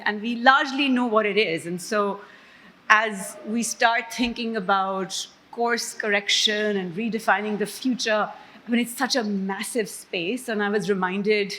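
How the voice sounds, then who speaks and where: A woman's voice: medium pitch, fairly bright tone. Woman giving a panel talk. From Pakistan. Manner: conversational, self-deprecating storyteller. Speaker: economist panelist. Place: conference stage before an audience.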